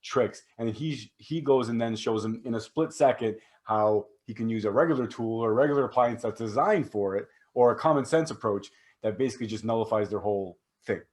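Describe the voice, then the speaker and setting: A man's voice: fairly low pitch, brisk, few pauses, darkish tone. A man co-hosting a podcast, casual upbeat chat that rambles and corrects itself midway. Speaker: podcast co-host.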